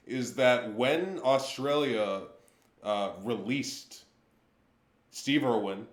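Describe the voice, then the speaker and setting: A man chatting on a livestream, talking in long deadpan riffs at a middling pitch. His voice bounces around a noticeably echoey room. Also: extremely slow, long pauses, background noise. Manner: rambling, deadpan joking. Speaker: wrestler co-hosting a livestream. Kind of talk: casual livestream chat.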